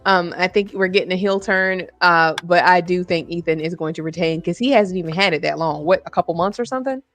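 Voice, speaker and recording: A woman's voice: fairly low pitch, fairly quick. A woman co-hosting a podcast, chatting casually and agreeably, easily amused. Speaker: podcast co-host. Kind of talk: casual wrestling predictions chat.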